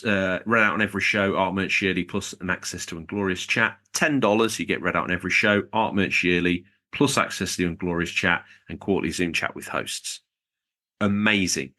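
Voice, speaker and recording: A man's voice: lowish voice, bright, forceful tone. A man co-hosting a podcast, chatting in a jokey, rambling way while reading out supporters. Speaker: podcast co-host. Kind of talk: casual podcast chat.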